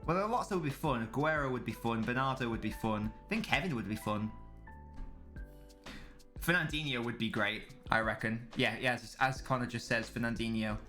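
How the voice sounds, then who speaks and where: A young man with a medium-pitched, sharp voice talks briskly on a live stream while watching a football match, with soft music in the background. He chats casually about the game, bantering, swearing, and answering chat.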